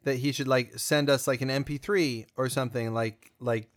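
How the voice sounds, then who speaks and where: A male podcast co-host chats casually with a mid-range voice, fairly even intonation and a moderate pace. His talk rambles, full of fillers and restarts, and the studio-quality recording has no room sound.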